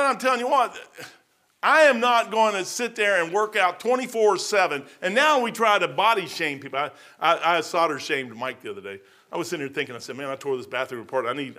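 Folksy guy preaching, rambly storyteller, kinda high bright voice. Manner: folksy, rambling, repeats words, acts out dialogue. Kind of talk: informal sermon with personal stories.

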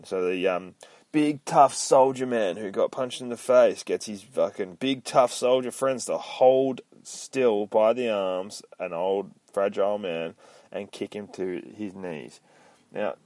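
A man's voice: fairly low pitch, unhurried, darkish tone, no room sound. Rambling, swearing man. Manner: swears a lot, rambling and self-mocking. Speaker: podcast host. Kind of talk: casual comic book recap.

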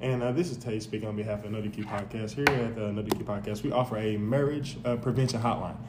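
A man co-hosting a casual comedy wrestling podcast, chiming in with deadpan agreement and mock-solemn plugs for the show. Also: on the low side, fast talker. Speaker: podcast co-host. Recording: echoey room with faint noise.

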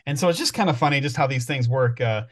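A man's voice: mid-range voice, quick pace. A man co-hosting a podcast, telling stories in a rambling, thinking-aloud way during casual chat. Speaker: podcast co-host.

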